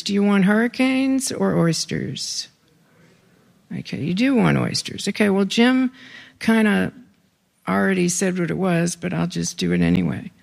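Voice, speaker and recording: Gravelly-voiced reader with casual asides. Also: mid-range voice. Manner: casual asides with fillers between readings. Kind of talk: live reading of memoir stories.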